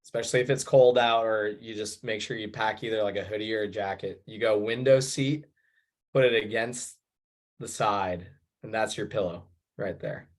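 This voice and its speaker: A man who is a guest on a podcast, talking in a modest, halting way with many restarts. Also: lowish voice. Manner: modest, halting, repeats words. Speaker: guest player. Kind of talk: casual chat.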